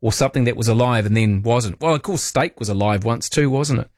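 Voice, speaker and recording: A man's voice: medium pitch, fairly quick, a little mellow, dry recording, studio quality. A man hosting a talkback radio show, chatting casually with playful, joking asides. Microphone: studio microphone.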